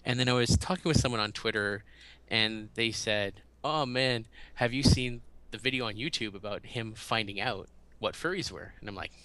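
A man as a podcast guest, telling stories in a halting, animated way and acting out quotes in a raised voice. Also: lowish voice. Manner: halting, often restarts. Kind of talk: casual storytelling in an interview.

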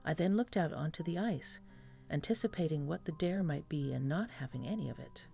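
A woman's voice: low-pitched, lively intonation, brisk, vocal fry, dark tone, faint music behind. A woman reading a first-person horror story as scripted narration.

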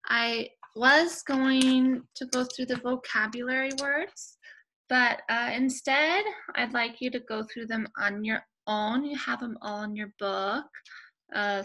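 A young woman teaching a remote lesson to young children, speaking patiently and clearly with pauses between words. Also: on the high side, bright, forceful tone, low-quality recording.

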